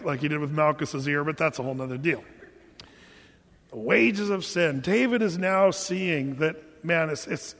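A man preaching with a high, lively voice that carries through the long reverb of a church hall. He teaches with animated joking asides and acts out the quotes he reads. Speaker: pastor. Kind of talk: sermon.

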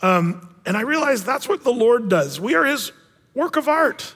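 A man preaching a sermon as pastor, animated and jokey, acting out little voices as he tells stories. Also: very high-pitched, moderate pace, in a large hall.

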